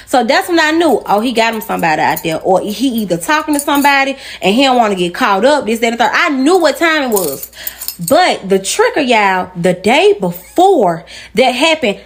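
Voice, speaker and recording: A woman's voice: on the high side, sing-song, normal speed. A woman telling a personal story to her camera in a casual, emotional way, speaking straight to her viewers.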